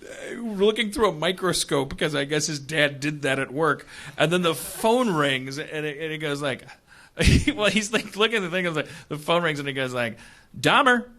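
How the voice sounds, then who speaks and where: A man's voice: a little high, expressive, normal speed, fairly bright tone. A man hosting a podcast who tells a comedic story in a rambling way and laughs as he talks. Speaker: podcast host. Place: stage before a live audience. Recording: live show with audience.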